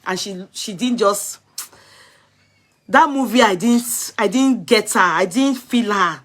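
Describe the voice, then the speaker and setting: A woman's voice: mid-range voice, takes it slowly. A woman with a Yoruba-inflected Nigerian accent, chatting casually on a live stream and answering viewers' comments bluntly. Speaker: vlogger reviewing films.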